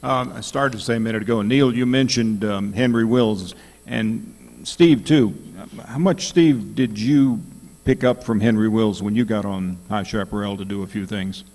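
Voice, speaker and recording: Gravelly man moderating a panel. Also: on the low side, moderate pace, few pauses, a little mellow, in a large hall.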